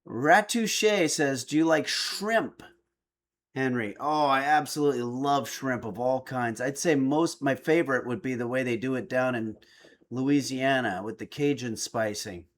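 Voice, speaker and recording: A man's voice: mid-range voice, a little slow. Dry-humored middle-aged man. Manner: dry, joking, reads chat messages aloud. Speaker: streamer reading chat. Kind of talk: casual chat.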